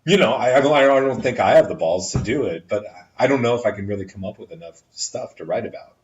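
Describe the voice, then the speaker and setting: A man's voice: lowish voice, quick pace, darkish tone. A man in a casual podcast chat, giving frank, candid advice to a friend and swearing freely. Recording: roomy, distant, dull lo-fi audio.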